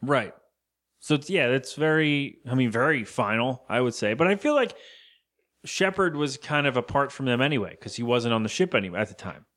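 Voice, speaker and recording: Guy on a podcast going over a movie, loose and sweary, mid pitch, keeps quoting lines. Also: very animated, fairly quick, fairly bright tone. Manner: loose and profane, retells scenes with quoted lines. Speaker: podcast co-host. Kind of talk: casual movie recap chat.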